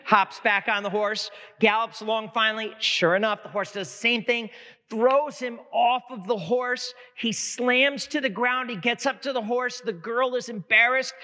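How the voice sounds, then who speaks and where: High bright-voiced pastor, animated sermon with stories, repeats himself a lot, long church reverb. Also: male voice, moderate pace. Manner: animated, repeats words while building a point. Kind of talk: sermon with comic storytelling.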